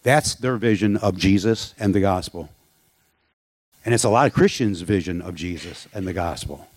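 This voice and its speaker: A man's voice: deep voice, normal speed, a little mellow, no echo. A man preaching a sermon in a candid, conversational way, with asides and rhetorical questions. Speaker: pastor.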